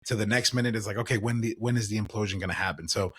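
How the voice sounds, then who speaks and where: A young man co-hosting a podcast, recapping wrestling in a relaxed, casual way with lots of fillers. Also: fairly low pitch, very fast, husky. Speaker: podcast co-host.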